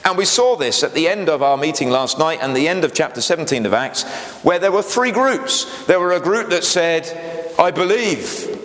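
A man's voice: on the high side, lively intonation, a little fast, fairly bright tone. A man preaching a sermon, earnest and emphatic, often breaking off into small asides and starting over. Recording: echoey hall with long reverb.

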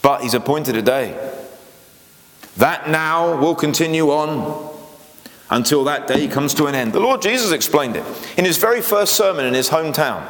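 This sermon comes from a man with a fairly high voice, lively intonation, and a moderate pace. Earnest and emphatic, he keeps drifting into small asides and restarting, all captured in a hall with long, echoing reverb.

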